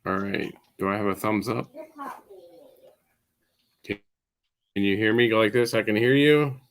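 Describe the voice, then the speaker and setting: A man co-hosting a livestream over a video call, speaking slowly while he checks whether he can be heard. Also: lowish voice. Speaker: livestream co-host. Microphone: video call, connection lagging.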